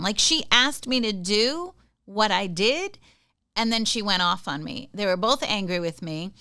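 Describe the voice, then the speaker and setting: A woman's voice: mid-range voice, expressive, a little slow, pushed and bright, clean tone, no room sound, studio quality. A middle-aged woman hosting a podcast, chatting casually through personal anecdotes and often checking in with her listeners. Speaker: podcast host. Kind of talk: casual advice monologue.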